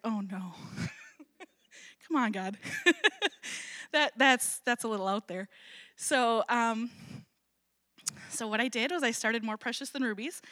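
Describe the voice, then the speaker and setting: A woman's voice: fairly high pitch, a bit bright, no echo, clean studio sound. A middle-aged woman from Wisconsin, a ministry founder telling her personal testimony at a church gathering, chatty and self-deprecating with frequent little laughs. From Wisconsin, USA. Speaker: ministry founder, guest speaker.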